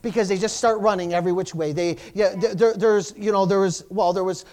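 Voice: medium pitch, fairly even intonation, a little fast, a little mellow. A pastor preaching a sermon to a congregation in church, often restarting phrases and calling out "amen?" and "praise the Lord".

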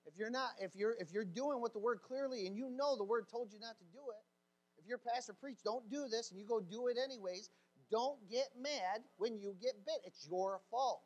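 A man delivers a sermon with a folksy, fiery energy, breaking into shouts and laughter as he goes. His voice sits very high for a man. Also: moderate pace, muffled recording. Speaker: pastor.

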